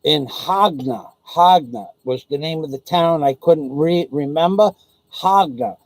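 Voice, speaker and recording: A man's voice: on the high side, a little slow, no echo, rough recording. A man vlogging in an indignant, profane storytelling rant. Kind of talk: ranting monologue.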